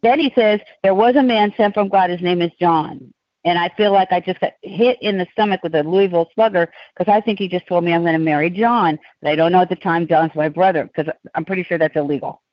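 A woman speaks as a podcast guest and drifts from one tangent to the next in loose, animated storytelling. Her voice sits close and dry on a slightly dull, lo-fi recording. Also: on the low side, quick pace, hardly any pauses, dry recording. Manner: rambling, animated, digressive storytelling.

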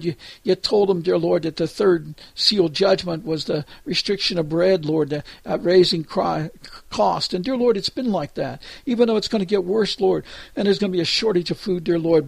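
Fervent prayer guy, slightly high gravelly voice, dry close sound, says dear lord constantly. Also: no room sound. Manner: repeats "dear Lord" between every phrase; fervent, halting with restarts. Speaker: prayer leader. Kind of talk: spoken prayer on a call.

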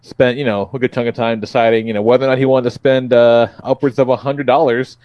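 A man's voice: medium pitch, level tone, fast talker, no room sound, dull audio. A man hosting a podcast in casual chat, loose and profane, laughing often. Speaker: podcast host.

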